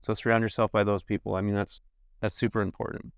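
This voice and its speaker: Man from California, fast speech, smooth clear voice, dry close sound, animated storytelling. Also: no echo. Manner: animated, acts out quoted people with raised pitch. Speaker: podcast guest, rental business owner. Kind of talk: casual podcast storytelling.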